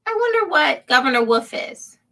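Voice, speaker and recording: A woman's voice: sits high, sing-song, moderate pace, gravelly, sharp tone, recorded from a distance, rough recording. A woman hosting a political commentary show, sarcastic and laughing often as she reads headlines aloud. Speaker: show host.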